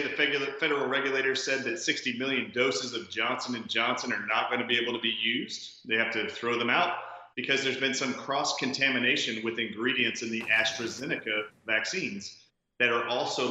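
A man's voice: medium pitch, fairly even intonation, moderate pace, bright, forceful tone. A man as a guest on a talk show, earnestly explaining news. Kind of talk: interview answers. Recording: very echoey remote line, dull sound.

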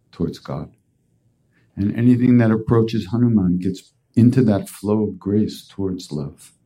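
Male podcast host, low warm voice, casual rambling storyteller. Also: breathy edge. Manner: casual, rambling, with fillers and restarts. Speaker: podcast host and spiritual teacher. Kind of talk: storytelling talk.

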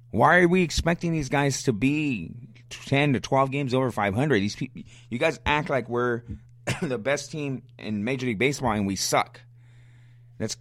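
A man's voice: medium pitch, dry recording. Blunt, fired-up male podcast host. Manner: fired-up, blunt, argumentative, repeats himself. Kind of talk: solo sports podcast rant.

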